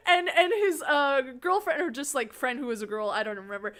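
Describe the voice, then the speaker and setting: A woman's voice: high voice, moderate pace, few pauses. A young adult woman hosting a casual livestream interview, telling stories animatedly and laughing often. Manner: animated storyteller, laughs often, acts out voices. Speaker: host interviewing a fellow scare actor.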